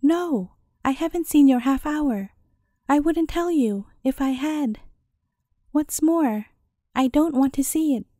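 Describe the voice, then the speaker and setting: A woman's voice: sits high, slow pace, mellow, dry recording, clean studio sound. A woman voicing a tall, fierce, bad-tempered man who roars in a storybook tale. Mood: raging.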